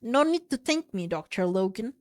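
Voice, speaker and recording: A woman's voice: fairly high pitch, very animated, normal speed, a little mellow. A woman voicing a blunt, impatient female official while reading a novel aloud. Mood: curt.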